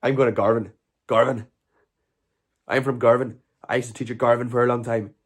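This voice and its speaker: A man's voice: medium pitch, little pitch movement, brisk, natural voice. A man impersonating his old schoolteacher from Stranraer with a Stranraer accent, sing-song and repetitive. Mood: jokey. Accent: Stranraer, southwest Scotland.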